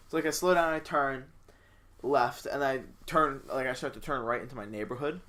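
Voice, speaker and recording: A man's voice: medium pitch, a little fast, fairly bright tone. Rambling young man telling a story. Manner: rambling storyteller, many "like" fillers. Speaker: podcast co-host. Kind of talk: casual chat.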